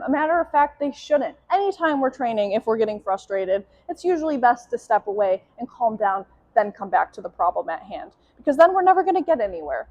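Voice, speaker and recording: A young woman dog trainer calmly explaining leash and obedience drills during a demonstration. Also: no room sound. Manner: calm explanatory, sharp high commands to the dog. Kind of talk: instructional dog training demo.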